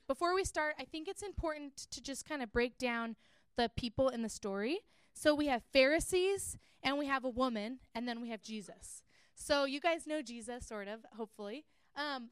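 A woman's voice: high voice, clean tone, no echo, clean studio sound. A young adult woman giving a casual Bible teaching talk, chatty and earnest with frequent fillers.

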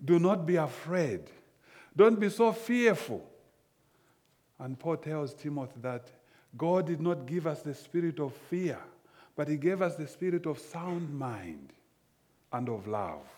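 A man delivers a sermon at an unhurried pace, leaning on repeated phrases for emphasis. His voice sits somewhat high for a man. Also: animated, a little mellow. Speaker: preacher.

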